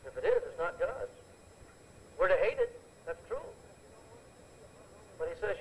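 A man's voice: high voice, normal speed, vocal fry, long pauses, slight background noise, poor audio. A man preaching a sermon, asking rhetorical questions and acting out everyday conversations. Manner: animated preaching with rhetorical questions and acted-out dialogue.

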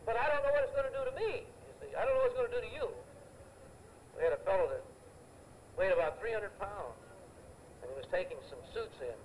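A man's voice: high-pitched, fast talker, long pauses, a little hiss or hum, low-quality recording. An older man preaching a sermon, emphatic and anecdotal, repeating phrases for effect.

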